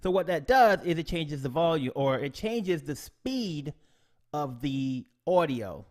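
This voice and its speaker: Young male streamer, upbeat and slangy, fairly high voice, casual tutorial chat. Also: very animated, unhurried. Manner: upbeat, slangy, chatty, reads chat shout-outs aloud. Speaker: live stream host.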